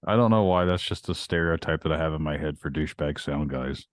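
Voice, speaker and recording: Podcast host guy, deep voice, swears a lot, blunt ranting, dry close mic. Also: quick pace, dry recording. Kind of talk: casual ranting chat.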